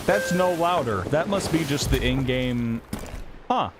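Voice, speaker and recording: A man's voice: medium pitch, animated, a little slow, over loud music. A man streaming a game, chatting casually, swearing freely and thinking aloud as he plays. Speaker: gaming streamer. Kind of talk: casual live-stream commentary. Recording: loud game audio under the voice. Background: loud sea and ship sounds from the game.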